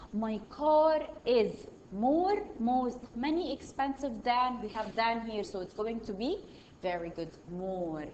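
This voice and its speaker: A woman's voice: a little high, darkish tone, dull audio, a little hiss or hum. A woman teaching a primary school English lesson, patiently reading out exercises and praising each answer. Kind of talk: online grammar lesson.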